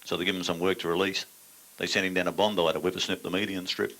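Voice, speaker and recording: A man's voice: deep voice, flat delivery, fast, heavy background noise. An older man with an Australian accent, a stand-up comedian telling crude yarns with blunt, dry punchlines to a laughing audience.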